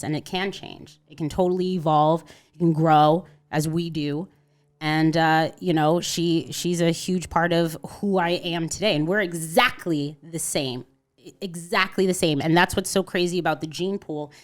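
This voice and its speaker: A woman in her thirties from Connecticut, a podcast guest telling a personal story in casual conversation and acting out the voices of people in it. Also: on the low side. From Connecticut, USA. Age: 30s.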